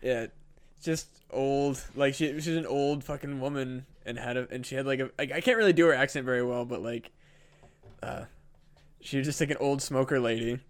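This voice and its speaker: A man's voice: mid-range voice, moderate pace, clean tone. A man co-hosting a casual comedy podcast, riffing profanely and leaning on fillers. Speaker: podcast co-host.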